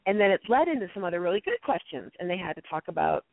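Woman telling stories on a tinny phone-ish line, a bit gravelly, acts out what people said. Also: quick pace, dry recording. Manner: animated storyteller, acts out quotes in a high voice. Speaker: guest speaker on conflict. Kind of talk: casual storytelling interview.

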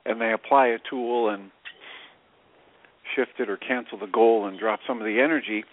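A man's voice: on the low side, fairly even intonation, normal speed. Reflective male radio co-host on a phone line. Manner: reflective, explanatory. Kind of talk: casual radio talk.

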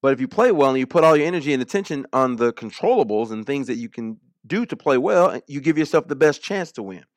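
A man's voice: medium pitch, animated, fast, few pauses, no echo. A man hosting a political talk radio show, speaking in an emphatic, repetitive monologue.

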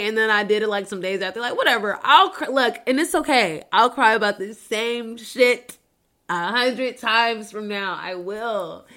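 A woman's voice: medium pitch, bright, forceful tone. A woman hosting a podcast in a casual chat, speaking in a candid, emotional way with plenty of swearing. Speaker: podcast host.

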